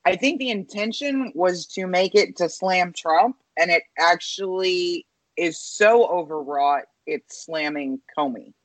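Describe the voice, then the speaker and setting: A woman's voice: on the low side, unhurried, dry recording, rough recording. Woman co-host, dry and opinionated. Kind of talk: casual political chat.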